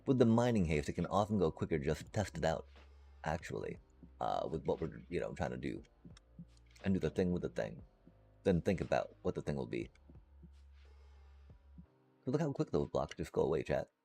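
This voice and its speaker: A man with a very deep, creaky, mellow voice streams a game live, chatting to his viewers in a casual, playful, rambling way and addressing the chat directly. He is very animated, talks at a moderate pace with long pauses, and soft music plays in the background.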